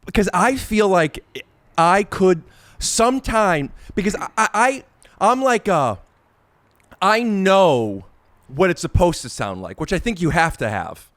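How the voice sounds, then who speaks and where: A man hosting a podcast, talking in a rambling, excitable and self-deprecating way, with many restarts, and trying to sing along. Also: high voice, measured pace, no echo. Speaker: podcast host. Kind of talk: casual chat and amateur singing.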